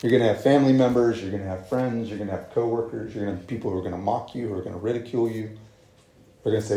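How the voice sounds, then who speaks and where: A man preaching a sermon in a relaxed, conversational way, with frequent fillers and rhetorical asides. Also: on the low side, racing, reverberant. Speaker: pastor.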